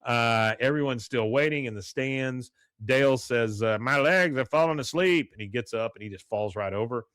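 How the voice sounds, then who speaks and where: A man's voice: medium pitch, fairly even intonation, normal speed, few pauses, a bit bright, smooth, no room sound. Dry-sounding man rambling through a recap. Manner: rambling retelling full of "uh" and acted-out quotes. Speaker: podcast host. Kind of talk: casual episode recap.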